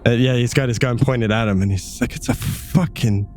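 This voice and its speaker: A man's voice: medium pitch, steady tone, fairly quick, faint music behind. A man narrating a tabletop game as game master, casual and vivid. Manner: casual, vivid, laughing often.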